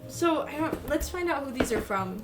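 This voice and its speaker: A woman's voice: high-pitched, lively intonation, moderate pace, music in the background. A young woman livestreamer chatting casually as she unboxes packages, gushing and swearing freely. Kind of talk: casual chat while unboxing.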